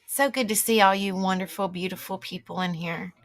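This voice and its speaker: A woman's voice: mid-range voice, steady tone, brisk. A middle-aged woman, hosting a live stream and chatting casually with viewers, rambling and reacting aloud as she reads the chat. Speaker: livestream host.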